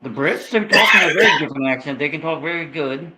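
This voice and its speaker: A man's voice: on the high side, expressive, fast, heavy background noise. A man from Massachusetts with a Boston accent, co-hosting a casual late-night chat with joking, profane banter. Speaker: co-host.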